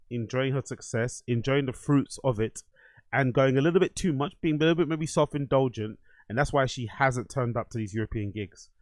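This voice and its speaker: A man's voice: medium pitch, dry recording. A man hosting a show, giving blunt, casual commentary on clips with some swearing. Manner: blunt, mocking, swears freely. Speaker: host reacting to clips.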